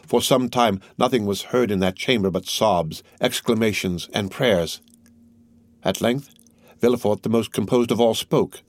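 A man narrating a classic novel in a steady, unhurried reading. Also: lowish voice. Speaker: audiobook narrator.

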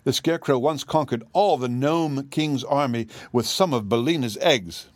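A man's voice: medium pitch, normal speed, no room sound, pitched above the performer's own voice, lightly acted. A man reading an audiobook, voicing an eager, earnest young girl.

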